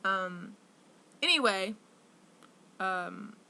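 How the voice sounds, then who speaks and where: Bright-voiced woman ranting with profanity. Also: mid-range voice, animated, extremely slow, gravelly. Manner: profane, rambling, full of "like", bursts into loud anger. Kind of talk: candid confessional monologue.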